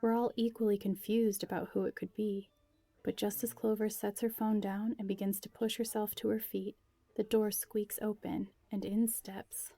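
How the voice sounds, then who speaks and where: A woman reads a first-person story aloud in an intimate way, close to a whisper at times. Her voice is gravelly and mellow, and it sounds dry and close. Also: mid-range voice, level tone, moderate pace, no echo. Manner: intimate, often near a whisper. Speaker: narrator.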